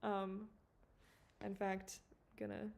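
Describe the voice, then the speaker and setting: A woman's voice: mid-range voice, completely flat delivery, drawn-out words, gravelly, darkish tone. A woman animator chatting casually on a livestream while she works, rambling, giggling and swearing freely. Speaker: animator livestreaming her work. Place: home studio at a computer.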